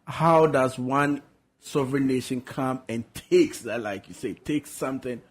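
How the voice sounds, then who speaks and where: A man's voice: mid-range voice, measured pace. A man co-hosting an interview, asking probing questions while searching for words.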